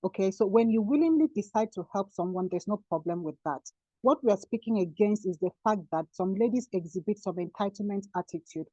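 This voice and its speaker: A woman's voice: mid-range voice, brisk, mellow, no echo, dull audio. A woman making emphatic points as a panelist summing up an online panel discussion over a video call. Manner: emphatic, explaining and repeating points.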